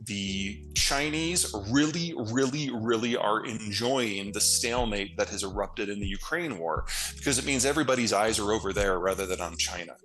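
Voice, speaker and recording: Low-voiced man explaining bluntly. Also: moderate pace, fairly bright tone, soft background music. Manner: blunt, fluent explaining with casual asides. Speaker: geopolitical analyst guest. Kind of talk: interview answers.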